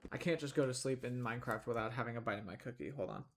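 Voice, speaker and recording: A man's voice: mid-range voice, racing, a little hiss or hum. A young man casually commenting on his building game, chatty and rambling, sometimes talking between bites of food. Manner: chatty, rambling, talks while eating. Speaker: gaming streamer.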